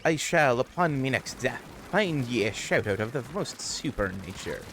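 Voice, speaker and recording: A man's voice: mid-range voice, very animated, moderate pace, fairly bright tone, a little hiss or hum. A man doing a hammy pirate voice. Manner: old-timey pirate slang, theatrical drawl. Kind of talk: playful role-play on a game stream.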